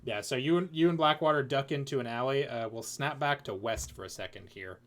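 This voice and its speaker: A man's voice: mid-range voice, fairly quick, fairly bright tone. Laid-back male game master, rambly, filler-heavy narration. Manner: loose, rambling, lots of fillers.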